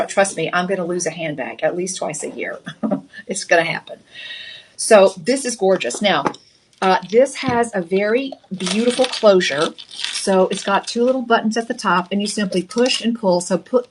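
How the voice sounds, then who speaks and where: A middle-aged woman hosting a live TV shopping show, pitching products in a chatty, upbeat sales manner from a studio. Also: a little hiss or hum. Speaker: home shopping host.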